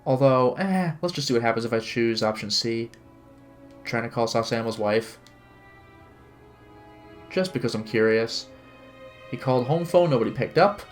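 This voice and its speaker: A man's voice: medium pitch, lively intonation, moderate pace, pauses often, faint music behind. A man playing a visual novel on stream, chatting casually and reading its narration and dialogue aloud with light character voices. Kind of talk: casual game commentary with read-aloud narration.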